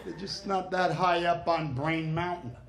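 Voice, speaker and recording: A man from New City, doing a stand-up comedy set, telling brash, rapid-fire stories full of cursing. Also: a little high, fairly even intonation, creaky, noisy background. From New York City. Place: comedy club stage. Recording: echoey club with loud crowd laughter. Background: loud audience laughter.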